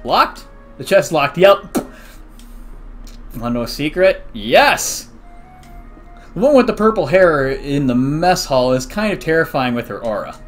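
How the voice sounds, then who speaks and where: Young male let's play host; chatty, animated, reads dialogue aloud over faint game music. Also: on the high side, measured pace, long pauses. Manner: chatty, animated, excitable reactions. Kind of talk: casual game commentary, reading dialogue aloud.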